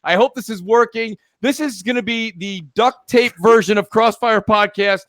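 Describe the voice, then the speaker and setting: High-voiced upbeat podcast host man. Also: moderate pace, fairly bright tone, dry recording, studio quality. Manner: upbeat, jokey, rambling introductions. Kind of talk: casual live podcast chat.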